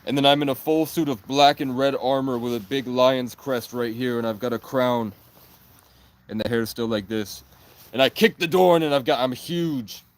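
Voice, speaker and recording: A man's voice: mid-range voice, steady tone, moderate pace. A man from Vermont, rambling on a live stream and jumping between wild claims. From Vermont, USA. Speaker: livestreamer.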